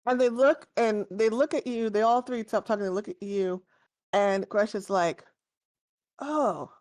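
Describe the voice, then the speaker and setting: A woman's voice: medium pitch, normal speed, no echo, studio quality. A woman narrating as game master in a casual tabletop session, talking loosely with frequent filler words. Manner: casual, relaxed, many fillers.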